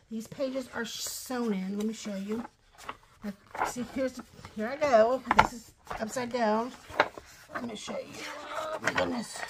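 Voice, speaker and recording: A woman's voice: fairly high pitch, creaky, very noisy. A middle-aged woman from Ohio gives a casual, rambling show-and-tell of her craft project, with apologetic asides. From Ohio, USA. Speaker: craft vlogger.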